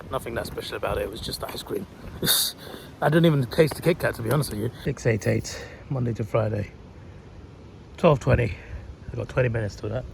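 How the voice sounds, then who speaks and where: Chatty young man vlogging outdoors. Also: mid-range voice. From England. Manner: chatty, laughs often, casual slang. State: losing his voice. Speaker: travel vlogger. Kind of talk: casual vlog chat. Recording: clear outdoor street and traffic noise.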